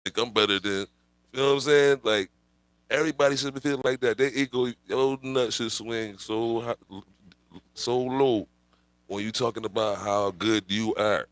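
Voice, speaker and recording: A man's voice: medium pitch, fairly even intonation, normal speed, a bit bright, no echo. A man hosting his own livestream, ranting casually with rambling, profane slang and frequent laughter. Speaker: livestream host. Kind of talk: casual live-stream rant.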